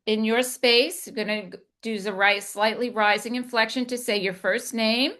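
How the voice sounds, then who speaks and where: A woman communication coach giving a deliberate instructional talk, demonstrating inflection as she goes. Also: mid-range voice, fairly even intonation, bright, forceful tone.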